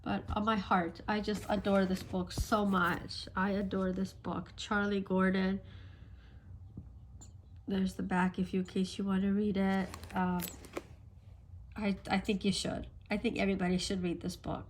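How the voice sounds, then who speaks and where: A woman, a book vlogger, gushing softly about a favorite novel while talking into a phone camera outdoors on a street. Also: medium pitch, flat delivery, measured pace. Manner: gushing, soft-spoken, restarts often. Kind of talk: casual vlog chat. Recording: faint street traffic noise.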